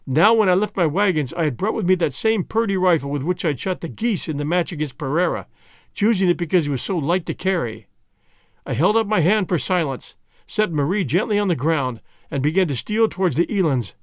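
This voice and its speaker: A man reading a first-person adventure story aloud with an expressive, dramatic delivery. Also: a little high, a little fast, no room sound, studio quality. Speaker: audiobook reader.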